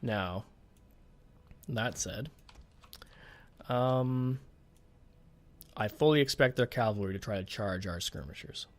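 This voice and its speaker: Low-voiced man commenting on gameplay. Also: slow, long pauses. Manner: thinking aloud, grows exasperated and swears at the game. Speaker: gaming channel host. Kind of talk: let's play commentary.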